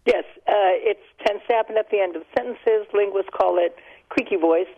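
A woman's voice: medium pitch, moderate pace, vocal fry. An older woman, a linguist, explaining ideas thoughtfully as a guest on a radio talk show, with light laughs now and then. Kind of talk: radio interview answers. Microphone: telephone. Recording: phone-line audio.

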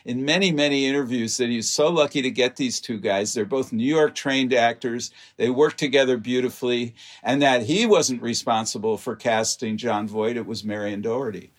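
A man's voice: medium pitch, moderate pace, few pauses. Man recounting film history anecdotes. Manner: detailed, anecdotal, with fillers. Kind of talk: interview storytelling.

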